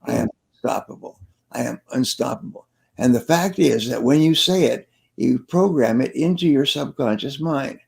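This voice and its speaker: A man's voice: mid-range voice, gravelly, darkish tone. An older man, a sales trainer being interviewed, telling stories and giving advice in an earnest way, repeating key phrases for emphasis. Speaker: sales trainer and guest speaker.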